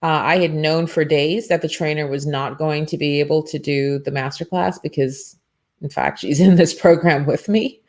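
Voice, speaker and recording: A middle-aged woman with a low voice hosts a motivational morning show. She talks casually and tells her story in an animated way, full of asides and remarks. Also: normal speed. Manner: animated storytelling with frequent asides and self-quotes.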